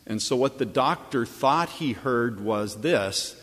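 A man's voice: mid-range voice, expressive, takes it slowly, a bit bright, big-room sound. A man preaching a sermon as pastor, telling a story earnestly and building to emphatic, repeated points. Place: church or chapel.

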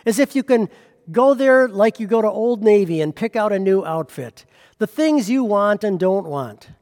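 High-voiced preaching man in a reverberant hall. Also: darkish tone. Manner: impassioned preaching with rhetorical questions. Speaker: pastor. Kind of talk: sermon.

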